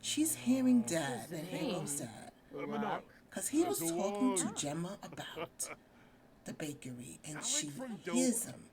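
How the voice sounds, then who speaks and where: Animated woman narrating a life-sim game. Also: fairly low pitch, takes it slowly, over a noisy crowd. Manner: gushy, dramatic narration addressing viewers. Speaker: let's play host. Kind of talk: casual game commentary. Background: game music.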